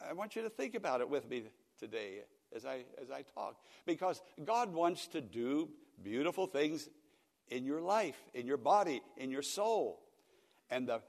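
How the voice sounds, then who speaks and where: An older man pastor delivers a radio sermon in a folksy storytelling way. He swells into emphatic, loud peaks. His voice carries the long reverb of a church hall. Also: fairly high pitch, very animated, unhurried, vocal fry.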